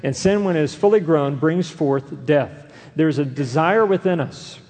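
A man's voice: fairly high pitch, unhurried, darkish tone, in a large hall. A man preaching an earnest sermon as a pastor, often tossing in a rhetorical "right?" to the congregation.

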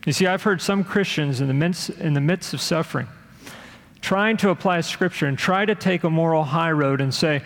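A man preaching a sermon in a slightly high, gravelly voice. His delivery is earnest, and he sometimes acts out the voices of people he quotes. A long reverb from a large hall trails behind his words. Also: normal speed. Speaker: pastor.

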